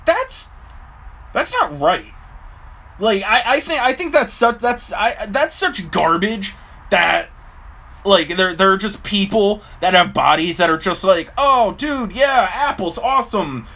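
A man's voice: sits high, animated, unhurried, gravelly, bright, forceful tone. A man talking casually to camera in a rambling way, full of fillers, acting out little voices as he goes. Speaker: vlogger.

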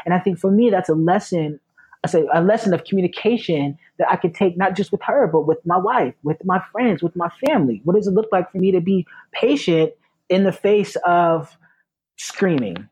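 A man's voice: sits high, animated, moderate pace, darkish tone, breathy edge, muffled recording. A man who is a new parent, talking earnestly and reflectively in a casual conversation, repeating phrases for emphasis.

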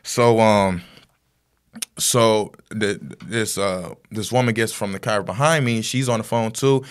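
A man's voice: fairly low pitch, measured pace. A man talking as a guest, telling a story in a rambling casual way with lots of fillers and tag questions.

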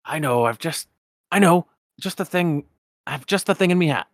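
A man puts on a fairly high voice, pitched above his natural one, to play a stingy old Scottish cartoon duck who is a millionaire. His folksy brogue is full of "ye" and "laddie," and he sounds wheedling and chummy, with lively intonation at a moderate pace. The studio-quality recording has no echo.

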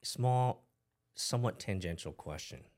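A man's voice: fairly low pitch, lively intonation, measured pace, darkish tone. A man hosting a casual podcast conversation, talking with animation, swearing casually and acting out voices he quotes.

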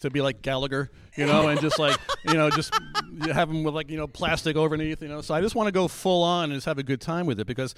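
A man chatting as a guest on a live show, animated and rambling, often restarting his sentences. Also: on the high side, fast, few pauses, very noisy. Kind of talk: casual chat.

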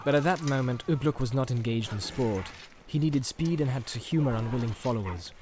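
Man, audiobook narrator, steady storytelling, noisy background. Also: mid-range voice, fairly quick. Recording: background noise.

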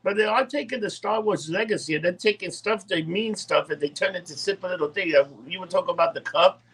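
A man's voice: sits high, quick pace, a bit bright, husky. A man co-hosting a casual podcast, talking loosely and profanely, often stumbling over words. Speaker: podcast co-host. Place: dim indoor room.

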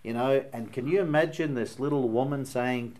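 A man's voice: medium pitch, normal speed, darkish tone. A man with a Northern Irish accent preaching a sermon in an earnest, emphatic way, weaving in stories as he goes.

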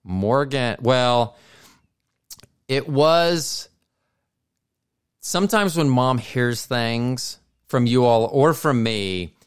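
Middle-aged male host, smooth resonant tone, rambling questioner. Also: medium pitch, extremely slow, pauses often. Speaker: podcast host, father. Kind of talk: casual family chat.

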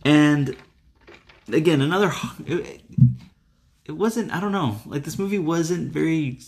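A man co-hosting a podcast, recapping a movie in casual chat, animated and a bit crude. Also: fairly high pitch, unhurried, creaky, slight background noise. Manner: animated, swearing, playful voices in retellings. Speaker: podcast co-host.

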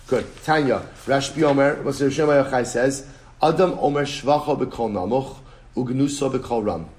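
A rabbi gives a Talmud class in a mid-pitched man's voice. He talks with energy and stresses points by repeating them. His English is full of Hebrew and Aramaic terms. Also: moderate pace, a little hiss or hum. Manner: animated, emphatic, repeats phrases, switches between English and Hebrew-Aramaic terms. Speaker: rabbi teaching daily Talmud page. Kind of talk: Talmud lecture.

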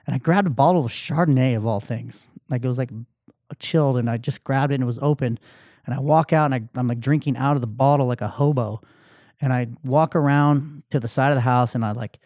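A male podcast host tells a personal story in a candid, emotional monologue, swearing freely and stumbling through restarts. His voice sits a bit high for a man, and the recording is close and dry with no room sound. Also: a little mellow, no echo. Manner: candid, emotional, profane, many fillers and restarts.

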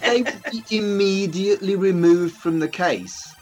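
A man co-hosting a podcast in casual chat, making slow, sweary, deadpan objections. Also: sits high, soft background music. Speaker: podcast co-host.

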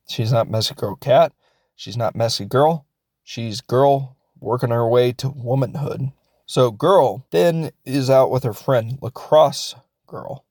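A man's voice: medium pitch, vocal fry, dry recording, clean studio sound. A man hosting a show, casually recapping and reviewing a film in a jokey, offhand way, briefly acting out the characters' lines. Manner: animated retelling, acting out characters' lines in quick voices.

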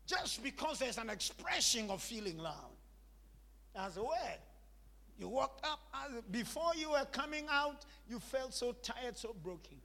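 Male preacher, very high and gravelly voice, emphatic repeated phrasing, echoing through a large hall. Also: big pitch swings, a little slow, bright, forceful tone. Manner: emphatic, repetitive preaching with call-and-response. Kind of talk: sermon.

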